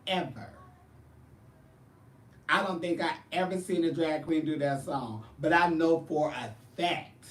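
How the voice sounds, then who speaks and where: A man with a higher-than-usual voice, a drag performer and show host, chats casually with viewers, answering their questions. He tells animated, profane stories while sitting back from a distant mic in a roomy space.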